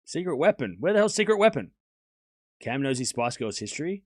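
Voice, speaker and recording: A man's voice: fairly high pitch, big pitch swings, fairly quick, no echo, studio quality. A man hosting a live tennis watchalong stream, mixing casual play-by-play with joking banter and frequent laughs. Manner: chatty, joking, laughs often, argues playfully with chat.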